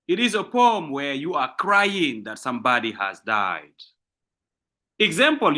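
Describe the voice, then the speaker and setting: Slow emphatic man lecturing students. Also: a little high, bright, forceful tone. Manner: repetitive, emphatic explaining, checks in with "okay?"; slow deliberate delivery with frequent rephrasing. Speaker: literature lecturer. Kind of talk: university lecture.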